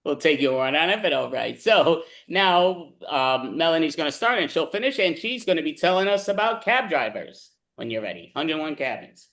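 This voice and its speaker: A man hosts a round of improv jokes on a video call, talking in a loose, chatty way and catching his own slips. His voice sits a little high for a man. It moves up and down a lot as he talks. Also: big pitch swings, moderate pace, hardly any pauses, fairly bright tone. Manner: chatty, loose, self-correcting. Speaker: improv game host. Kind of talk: casual joke-round hosting.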